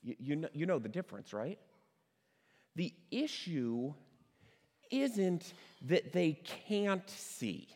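A middle-aged man preaching a sermon in a conversational way, asking his listeners questions and slowing down to stress key words. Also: on the high side, sing-song, darkish tone. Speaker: pastor. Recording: long hall reverb.

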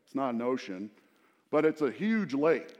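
A man's voice: medium pitch, very animated, normal speed, darkish tone, muffled recording. A middle-aged man preaching a sermon in a conversational, storytelling way, with asides to the congregation. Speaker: pastor. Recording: long hall reverb.

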